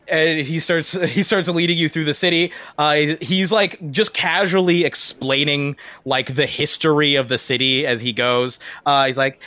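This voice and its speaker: A woman's voice: low-pitched, steady tone, moderate pace, hardly any pauses, a bit bright, no room sound. A woman game master narrating a tabletop game in a casual, chatty way with many fillers.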